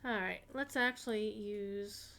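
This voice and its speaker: Bright-voiced woman streaming a game. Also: medium pitch, unhurried, vocal fry, slight background noise. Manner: chatty, talks to her chat, swears casually. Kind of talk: casual gaming commentary.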